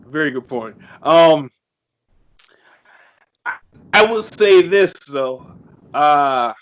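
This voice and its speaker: A man's voice: a little high, drawn-out words, vocal fry, long pauses. A man co-hosting a podcast in casual chat, blunt and swearing freely. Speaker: podcast co-host. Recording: dull lo-fi audio.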